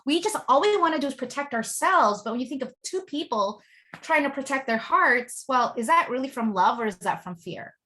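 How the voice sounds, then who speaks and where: Woman relationship coach, fairly high voice, animated storyteller full of fillers, interview guest. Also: brisk.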